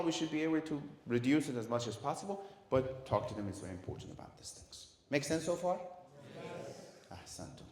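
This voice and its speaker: A man giving a talk on parenting to an audience. He is lively, asks the room questions and acts out the voices of parents and children. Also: medium pitch, slight background noise. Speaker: lecturer at a community centre. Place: community centre hall. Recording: echoey hall.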